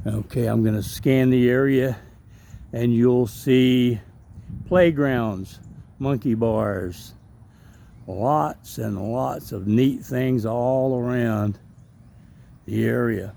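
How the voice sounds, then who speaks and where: A man's voice: medium pitch, takes it slowly, gravelly, mellow, a little hiss or hum. A man with a Southern US accent narrating a rambling, chatty walkthrough of an outdoor park on a handheld camera. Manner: rambling, chatty, self-deprecating. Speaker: travel vlogger.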